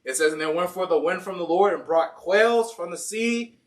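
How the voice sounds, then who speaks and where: Higher-voiced man preaching in church. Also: normal speed, distant mic. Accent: Ohio. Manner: casual, voices complaining Israelites and God in everyday speech. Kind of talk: sermon. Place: church sanctuary.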